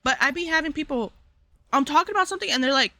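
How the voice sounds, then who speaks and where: A woman's voice: sits high, expressive, rapid-fire, sharp tone. A woman streamer talking casually to her chat, rambling with lots of fillers and asides. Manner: rambling, filler-heavy, addressing chat directly.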